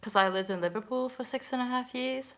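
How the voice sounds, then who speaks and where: A woman's voice: on the high side, brisk. A woman hosting a casual livestream, chatting in a bubbly way, laughing often and swearing freely. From Canada. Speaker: livestream host.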